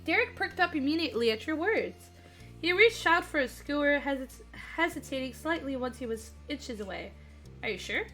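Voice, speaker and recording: Young woman streaming a dating game, high pitched, gets excitable, faint game music behind. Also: moderate pace. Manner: excitable, squealing laughs, reads in and out of text. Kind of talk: reading a dating game aloud with chat.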